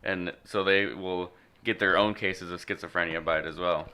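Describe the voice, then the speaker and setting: A man's voice: sits low, fairly even intonation, normal speed, pushed and bright, clear, resonant tone. A man on a casual podcast chat who starts over often and adds wry asides.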